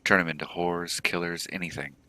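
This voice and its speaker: A man's voice: sits low, flat delivery, brisk, bright, forceful tone. A man reading aloud the lines of a frightened mother in a cyberpunk video game, in his own plain voice. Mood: wary. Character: frightened middle-aged mother in a cyberpunk slum.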